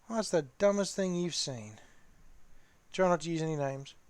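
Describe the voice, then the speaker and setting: Chatty man with a fairly high voice. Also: dry recording. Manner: rambling, chatty, talks to the chat. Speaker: streamer hosting a hobby chat. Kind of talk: casual live-stream chat while painting models.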